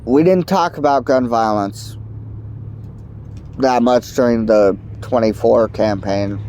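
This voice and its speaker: Angry man vlogger, stuffed up from allergies, slow deliberate delivery, dark mellow voice, faint background hiss. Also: mid-range voice. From United States. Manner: angry, emphatic, swearing. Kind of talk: political rant to camera.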